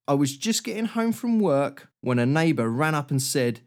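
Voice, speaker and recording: A man's voice: on the high side, very animated, normal speed. A man co-hosting a casual comedy podcast, reading odd news stories aloud and often breaking into laughter. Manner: giggly, reads quotes with a chuckle. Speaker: podcast co-host.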